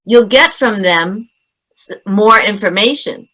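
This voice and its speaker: A middle-aged woman with a bright, forceful voice, speaking as an interview guest. She tells parenting stories in a lively way and acts out the lines she quotes. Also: medium pitch, slow pace. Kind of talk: interview, storytelling advice.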